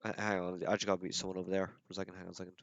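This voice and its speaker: A man with a very low voice, playing a police officer on the witness stand in a role-play court. He answers casually and hesitantly, padding his answers with fillers. The sound is dry and close. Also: level tone, very fast, gravelly, no room sound, muffled recording.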